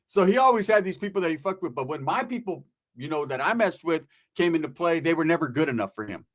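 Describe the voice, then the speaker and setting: Man, casual storytelling, profane, animated, slightly high, husky. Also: fast. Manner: animated, crude, says right? a lot. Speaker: podcast host telling stories.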